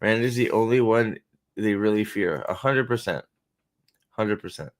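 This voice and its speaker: A man's voice: lowish voice, normal speed. Sarcastic rambling male host. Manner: rambling, profane and sarcastic, frequent restarts. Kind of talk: casual reaction commentary.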